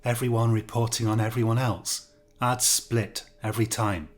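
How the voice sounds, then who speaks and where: A man's voice: medium pitch, fairly even intonation, normal speed, lightly acted. Man voicing a blunt Hungarian wife. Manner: blunt, teasing. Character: frank Hungarian woman, a businessman's wife.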